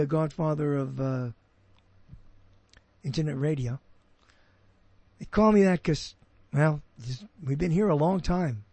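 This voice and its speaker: A man's voice: sits high, dry recording. An older man hosting an internet radio show, rambling and joking with lots of fillers and restarts. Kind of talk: casual radio show chat. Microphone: boom mic.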